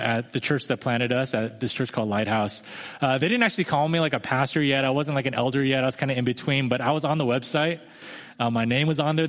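A man's voice: mid-range voice, a bit bright. A man in his thirties preaching a sermon as a pastor, talking in a conversational, self-deprecating storytelling way. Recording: long hall reverb.

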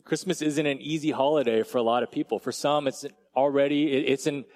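A man's voice: medium pitch, steady tone, brisk, a little mellow. A man delivering a sermon as a pastor, telling a story in a casual, chatty way with frequent asides to the congregation. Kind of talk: conversational sermon.

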